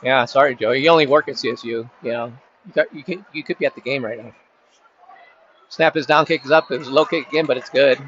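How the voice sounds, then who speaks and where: Bright-voiced chatty high school football announcer. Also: male voice, fast, slight background noise. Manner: chatty, rambling, jokes aside to friends. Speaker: play-by-play announcer. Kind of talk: casual local sports commentary. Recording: dull lo-fi sound with faint crowd ambience.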